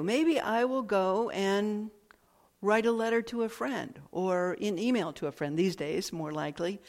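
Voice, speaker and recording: A woman giving a thoughtful, reflective talk at an unhurried pace, often repeating phrases and pausing to find words. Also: medium pitch. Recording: long hall reverb.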